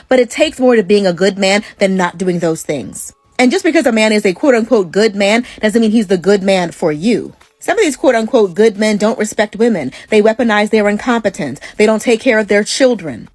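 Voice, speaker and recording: A woman delivering a measured, argumentative opinion monologue to camera. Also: mid-range voice, no room sound.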